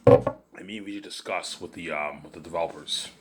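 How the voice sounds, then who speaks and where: A man's voice: sits low, a little fast, very noisy. A young Canadian man with a slight Canadian accent, rambling through a casual monologue, repeating words and swearing offhandedly. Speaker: host.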